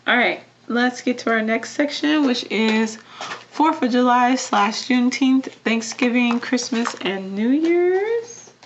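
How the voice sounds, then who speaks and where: A young woman vlogger chatting casually as she counts cash into envelopes, often dropping to a soft murmur. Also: on the high side, fairly even intonation, unhurried, dull audio, slight background noise. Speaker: vlogger doing budgeting videos.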